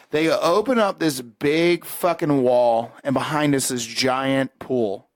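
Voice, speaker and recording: A man hosting a podcast, telling a story in casual chat, profane and animated, acting out the people in it. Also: medium pitch, measured pace, no echo. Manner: profane, animated storyteller who acts out voices. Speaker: podcast host.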